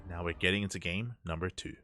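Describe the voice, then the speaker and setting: A man's voice: low-pitched, quick pace, sharp tone, a little hiss or hum. An Australian man casting a live esports match, chatty and loose, laughing often between play-by-play. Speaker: esports caster.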